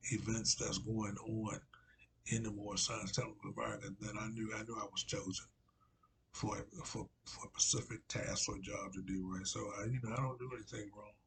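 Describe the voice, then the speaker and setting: A man's voice: fairly low pitch, creaky, a bit bright, slight background noise, low-quality recording. A man giving a rambling religious monologue, repeating himself and filling gaps with "you know". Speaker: religious speaker.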